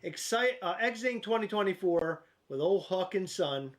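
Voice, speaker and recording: A man's voice: sits high, lively intonation, moderate pace. A man hosting a casual livestream, playful and jokey. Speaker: livestream host.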